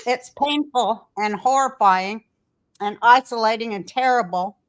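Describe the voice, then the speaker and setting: A woman's voice: fairly high pitch, unhurried. An older woman hosting a casual podcast from a hotel room, telling rambling stories and ranting with plenty of swearing. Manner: rambling, profane, storytelling rant. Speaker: podcast host. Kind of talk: casual chat.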